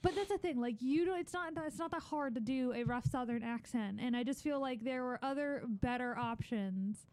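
A woman's voice: sits high, moderate pace, hardly any pauses, darkish tone, smooth, dry recording. A young woman co-hosting a casual chat, frank and opinionated with a teasing edge. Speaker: podcast co-host.

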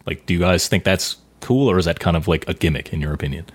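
A man with a deep, low-pitched voice hosts a casual conversation. He steers the talk and keeps turning to the others for their opinions. The sound is dry and close. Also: fast talker, breathy edge, no echo. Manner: leads the discussion, asks the others' opinions. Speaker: podcast host. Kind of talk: casual chat.

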